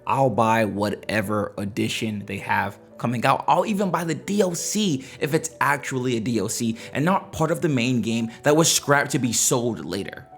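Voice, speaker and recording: A man delivering casual gaming commentary in a blunt, slangy way. He rants with animated emphasis in a mid-pitched voice. Faint music plays under him.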